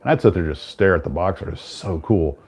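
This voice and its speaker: A man hosting a casual chat, talking in a relaxed, rambling way with many restarts. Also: low-pitched, fast, gravelly, husky. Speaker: host.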